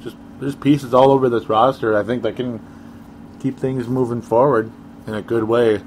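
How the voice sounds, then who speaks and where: A man's voice: medium pitch, fairly even intonation, normal speed, darkish tone, slight background noise. Chatty man co-hosting a hockey show. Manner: rambling, chuckling, sarcastic asides. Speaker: co-host of a sports talk show. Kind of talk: casual sports chat.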